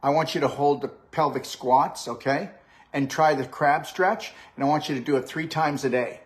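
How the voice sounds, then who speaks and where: A man's voice: a little high, normal speed. An older man hosting a live-stream chat with a guest, talking in an upbeat, coaching way and often checking in with "okay? all right?". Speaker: host and health practitioner.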